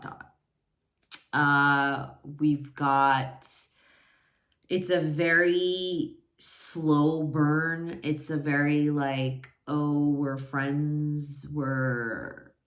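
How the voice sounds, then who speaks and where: A woman's voice: sits low, sharp tone. A woman in her forties chatting casually about romance novels, rambling with many fillers and self-corrections. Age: 40s. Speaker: book reviewer. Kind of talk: casual book review chat. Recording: echoey room.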